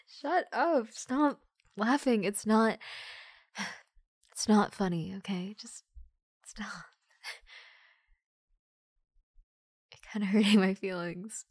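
A woman voicing a shy young woman who nervously confesses her love to a close friend, in a soft, halting whispered role-play with giggles. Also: medium pitch, breathy edge, no echo. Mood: flustered.

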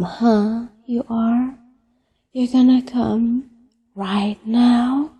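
A woman's voice: a little high, fairly even intonation, extremely slow, warm tone, slightly rough. A woman performing a flirty phone-call role-play in a teasing, playful way, stretching her words out.

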